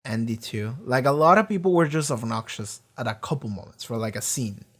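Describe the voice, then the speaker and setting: A man's voice: medium pitch, expressive, a little fast, a bit bright. A man hosting a casual TV reaction, talking in a rambling way, full of fillers and casual swearing. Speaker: show reaction host.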